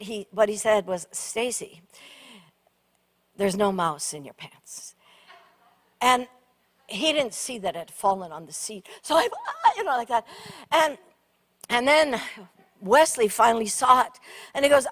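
High-voiced woman preacher telling a story. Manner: animated, shrieking during funny story parts. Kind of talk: sermon storytelling.

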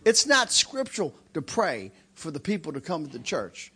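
A man preaching a sermon in a church, telling stories with animated delivery. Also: fairly high pitch, moderate pace, breathy edge. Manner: animated, acts out shouting in stories. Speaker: guest preacher. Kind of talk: sermon with storytelling. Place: church sanctuary.

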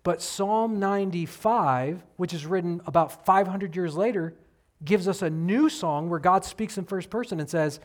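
A man preaching a sermon, telling a story with lively acted-out quotes and casual asides. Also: high-pitched, normal speed. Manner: animated storytelling, acting out quoted voices. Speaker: pastor.

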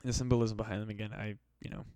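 A man's voice: fairly low pitch, level tone, racing, dark tone, dry recording. A man hosting a solo podcast, rambling and swearing with mock-desperate pleading. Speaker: podcast host. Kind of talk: casual solo podcast rant.

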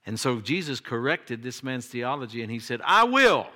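A man preaching a sermon, emphatic, his voice jumping high when he quotes cries and pleas. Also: fairly even intonation, normal speed, fairly bright tone. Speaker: pastor.

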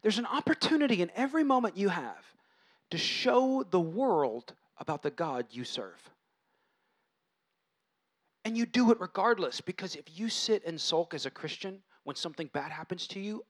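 High-voiced preacher, chatty and animated. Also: male voice, moderate pace. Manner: conversational, animated, acts out quoted voices. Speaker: pastor. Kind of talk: sermon.

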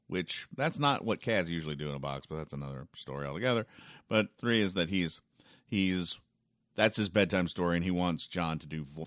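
A man's voice: sits low, a bit bright, no echo, clean studio sound. A man giving casual spoken commentary on the Sunday comics, rambling and sarcastic, with many fillers and restarts. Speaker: comics reviewer.

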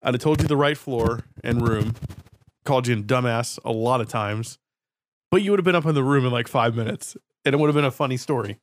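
A man's voice: mid-range voice, brisk. A man in casual chat, blunt and dryly teasing.

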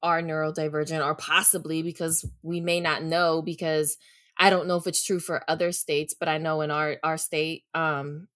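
Woman cohost, lowish voice, lots of likes and ums, dry close sound. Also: flat delivery, moderate pace, dry recording. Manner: warm affirming, uses filler "like". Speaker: podcast co-host. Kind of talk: casual chat.

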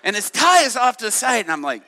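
A man preaching and telling a lively story from the pulpit, acting out the voices of the people in it and laughing along. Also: extremely high pitch, fast talker, big-room sound. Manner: animated, laughing, acts out voices in his stories. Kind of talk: sermon storytelling.

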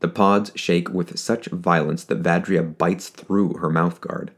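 A man reading scripted fiction narration in a steady, measured way. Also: low voice.

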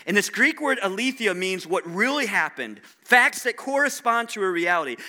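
Middle-aged male pastor, high and tense, chatty sermon full of rhetorical questions. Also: bright, forceful tone. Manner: conversational preaching with rhetorical questions to the room.

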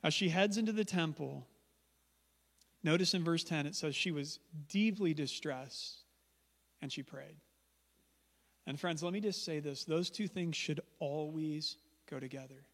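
A man's voice: a little high, a little slow. A male pastor preaching a sermon in a church, conversational and emphatic with humorous asides. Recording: long church hall reverb.

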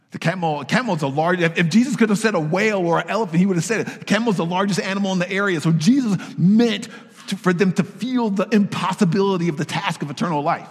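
Animated male preacher in a reverberant hall. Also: high-pitched, fast, slightly rough. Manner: animated storytelling with casual asides. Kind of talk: sermon.

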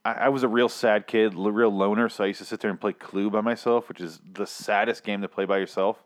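A Canadian man on a podcast, venting with plenty of swearing and exasperation. His voice sits fairly low, and the talk is loose and conversational. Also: fairly even intonation, fairly quick. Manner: profane, exasperated ranting. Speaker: podcast co-host. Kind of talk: casual podcast rant.

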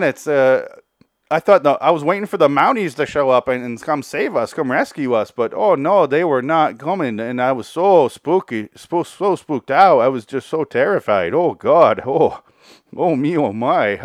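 A man puts on a panicky middle-aged cartoon uncle, his voice pushed high and loud as he wails and stammers through his fright. The sound is close and dry, with no room around it. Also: animated, moderate pace, no echo, lightly acted. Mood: terrified wailing. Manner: frantic, wailing, stammering.

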